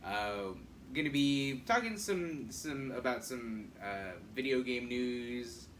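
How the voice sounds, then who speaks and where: A man's voice: mid-range voice, lively intonation, takes it slowly, fairly bright tone. A man co-hosting a podcast, rambling and hesitant, stumbling through restarts. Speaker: podcast co-host. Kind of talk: casual chat. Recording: distant mic with faint noise.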